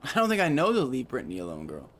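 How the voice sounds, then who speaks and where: A man's voice: mid-range voice, wildly swooping pitch, fast. A man streaming a video game, chatting casually and sarcastically with his viewers. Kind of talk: casual gaming stream chat.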